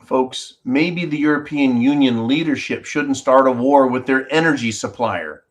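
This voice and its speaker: An unhurried man with a mid-range voice hosts a commentary show, worked up and sarcastic as he rants to his audience. He mocks other people's words by putting on quoted voices and reads out viewer comments, all in an animated way.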